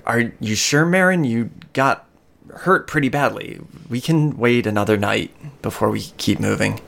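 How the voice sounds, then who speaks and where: Man voicing a calm female healer. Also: medium pitch, normal speed, creaky. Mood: concerned.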